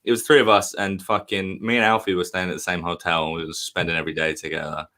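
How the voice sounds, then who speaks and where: A man's voice: low voice, level tone, quick pace, sharp tone. A man co-hosting a casual chat, telling a rambling, profane story with many fillers. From United Kingdom. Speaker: podcast co-host, comedian.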